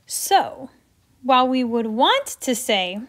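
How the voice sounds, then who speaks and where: A woman's voice: sits high, big pitch swings, slow, a bit bright. A woman teaching Spanish grammar in a chatty, playful way, with little asides while she works through examples. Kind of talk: explaining grammar while writing on a board.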